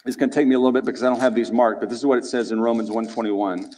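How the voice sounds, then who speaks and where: A male preacher giving an expository sermon in a conversational, animated way, asking the listeners rhetorical questions. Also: mid-range voice, rapid-fire. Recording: reverberant hall.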